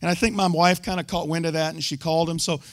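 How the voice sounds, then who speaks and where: Man preaching a testimony, high voice, dry close sound, animated, swings from loud to hushed. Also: fast talker, no room sound. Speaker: speaker giving a testimony to a church group. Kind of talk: sermon testimony.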